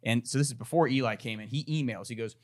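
A male guest telling animated, blunt stories in casual talk, swearing freely. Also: mid-range voice, fast talker. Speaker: guest, gun company marketer. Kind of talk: casual storytelling.

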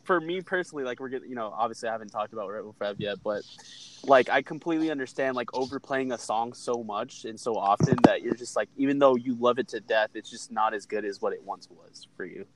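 A man's voice: mid-range voice, fast, slight background noise, poor audio. A man in a casual podcast chat, talking loosely with many fillers. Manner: loose, filler-heavy, lots of like. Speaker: podcast co-host.

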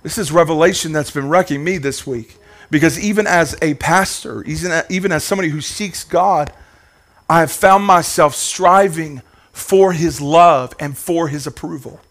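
A man's voice: a little high, moderate pace, a bit bright. A male pastor preaching a sermon with fervent energy, a sing-song cadence and repeated phrases, calling out to the congregation. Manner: calls out to the congregation.

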